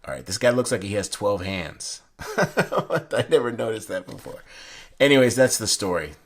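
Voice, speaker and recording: A young man with a low, husky voice talks casually as he looks through a deck of cards. He rambles and restarts, drifting between the cards and a long story. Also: sing-song, normal speed. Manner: rambling, chatty storyteller with many fillers and restarts. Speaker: playing card reviewer. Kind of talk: casual unboxing chat.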